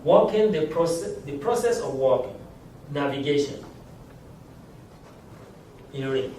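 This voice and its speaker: A man teaching a language class, giving slow, patient explanations and chuckling often. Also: a little high, expressive, dark tone, a little hiss or hum. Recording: very echoey room, mic far off.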